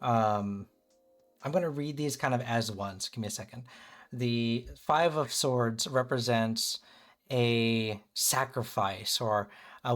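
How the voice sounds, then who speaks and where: His mid-range voice has a bit of brightness to it. A tarot reader and streamer, he runs a laid-back reading live, talking freely, checking on viewers, and sprinkling his speech with "kind of" and "right?".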